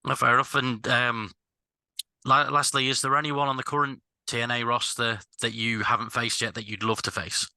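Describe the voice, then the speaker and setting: A man's voice: mid-range voice, flat delivery, normal speed, bright, forceful tone, smooth, no echo. A man interviewing a guest, nervous and stammering over his questions. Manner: nervous and stammering, admits being intimidated.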